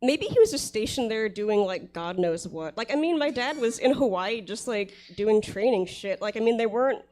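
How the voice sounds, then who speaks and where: Animated, sarcastic woman comedy host. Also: on the high side, normal speed, few pauses. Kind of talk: live comedy panel banter.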